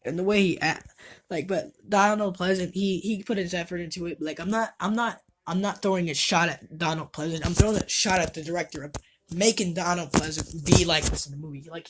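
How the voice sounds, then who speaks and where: A woman's voice: lowish voice, slight background noise. A woman giving a casual, rambling movie review, exasperated and swearing freely.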